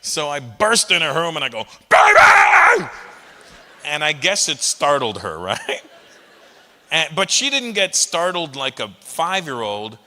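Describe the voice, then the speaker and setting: A middle-aged man doing a stand-up comedy set, animated and breaking into loud shouted impressions. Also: fairly high pitch, measured pace, background noise. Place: live comedy venue with an audience. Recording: long reverb of a large hall.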